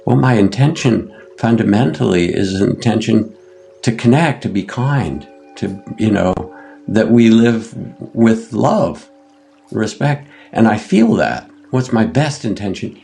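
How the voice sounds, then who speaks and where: Gravelly deep older man, gentle and unhurried. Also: animated, soft background music. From United States. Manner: gentle, unhurried, pauses with fillers. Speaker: meditation teacher, podcast guest. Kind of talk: reflective interview talk.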